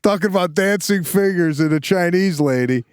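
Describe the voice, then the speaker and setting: Smooth-voiced teasing man, slightly high. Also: moderate pace, no echo, clean studio sound. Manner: teasing, questioning. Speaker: podcast co-host. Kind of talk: casual chat.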